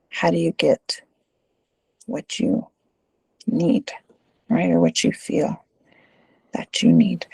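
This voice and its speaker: A woman's voice: lowish voice, creaky, warm tone, no echo. A middle-aged woman with a Texan accent, a school administrator answering interview questions in a casual storytelling way, with lots of fillers and "right?" tags.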